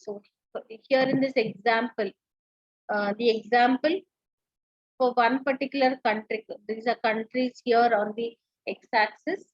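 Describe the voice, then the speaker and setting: Woman lecturing with a husky voice. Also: fairly high pitch, dry recording, highs cut off. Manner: explanatory, with frequent fillers and restarts. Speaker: teacher. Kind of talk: online lecture.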